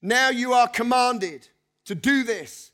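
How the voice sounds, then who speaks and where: A middle-aged male pastor with a very high voice takes his sermon slowly. He is animated, reading scripture, chuckling between points, adding conversational asides, and repeatedly leading the congregation in call-and-response.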